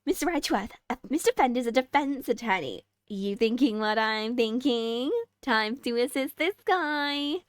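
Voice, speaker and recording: A woman voicing an upbeat, cheeky young female thief sidekick who sounds bright and eager. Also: fairly high pitch, moderate pace, few pauses, clean tone, dry recording, clean studio sound, pitched above the performer's own voice, lightly acted.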